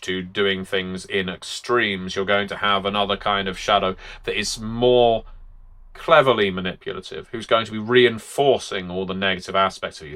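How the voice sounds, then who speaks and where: A man's voice: sits low, pushed and bright. A man, a game master and host, explaining tabletop role-play tips in a chatty, demonstrative way.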